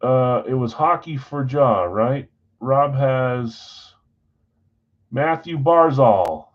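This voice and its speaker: A man hosting a live stream at a middle pitch, chatting loosely and calling out buyers' names as he goes. He sounds scattered and jokes at his own expense. The audio is dull and lo-fi. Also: lively intonation, drawn-out words, long pauses. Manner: casual, scattered, self-deprecating, reads off buyers' names. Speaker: card break host. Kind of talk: live-stream chat running trades.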